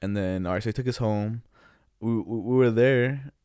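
A man's voice: fairly low pitch, moderate pace, a little mellow, clear, resonant tone, no room sound, studio quality. A young man telling a long story in casual, slangy chat, rambling with many restarts.

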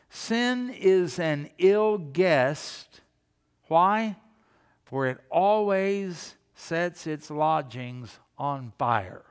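A man preaching a sermon, animated, slipping into voiced asides and quotations. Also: fairly high pitch. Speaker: pastor.

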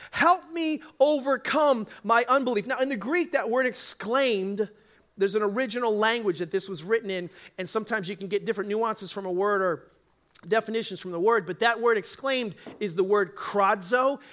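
A man preaching a sermon as pastor, telling a Bible story and acting out the voices in it. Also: high voice. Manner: animated, acts out Bible voices.

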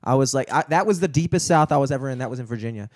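A man's voice: mid-range voice, animated, very fast, a little mellow, dry recording, clean studio sound. A man hosting a casual podcast chat, telling stories loosely with lots of swearing and laughter. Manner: profane, laughing storyteller. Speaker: podcast host.

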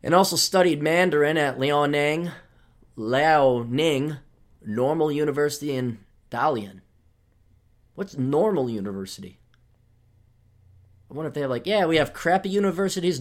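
A man's voice: lively intonation, normal speed. A male podcast host reading an article aloud and tearing into it with sarcastic commentary. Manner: sarcastic, mocking, voice jumps high when indignant.

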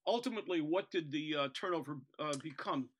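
A male podcast host asking quick prompting questions in a casual interview. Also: fairly high pitch, fairly bright tone.

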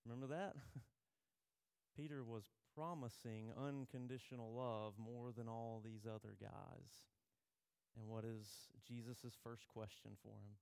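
A man's voice: medium pitch, fairly even intonation, a little slow, vocal fry, a little mellow, smooth. A male pastor preaching a sermon in a conversational way, telling personal stories.

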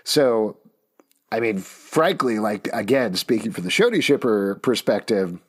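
A man co-hosting a podcast, giving an animated, opinionated recap of a TV episode with sarcastic asides. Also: lowish voice, unhurried, husky. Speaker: podcast co-host. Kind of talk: casual TV recap chat.

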